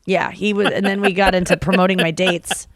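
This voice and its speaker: Woman podcast host, rapid and rambling, self-mocking, dry close mic. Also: fairly low pitch, flat delivery, no echo. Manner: fast-talking, rambling, self-deprecating. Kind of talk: casual chat.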